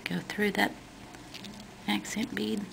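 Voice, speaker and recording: A woman's voice: mid-range voice, little pitch movement, slow pace, vocal fry, background noise. A woman teaching a beading technique step by step, talking plainly and patiently and correcting herself as she works with her hands. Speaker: beading instructor. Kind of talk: step-by-step craft tutorial.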